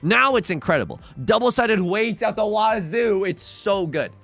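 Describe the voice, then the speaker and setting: A man's voice: high-pitched, lively intonation, normal speed, creaky, fairly bright tone, dry recording, soft background music. A young man streaming a tile game live, talking through each move and joking with his chat. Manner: playful, jokey, talks to chat.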